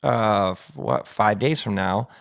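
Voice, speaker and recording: Man, middle-aged, low-pitched, gravelly, chatty podcast host, playful, kitchen table mic. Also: slow, a bit bright. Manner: chatty and playful, laughs easily. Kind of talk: casual solo podcast monologue. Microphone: studio mic set up at the table.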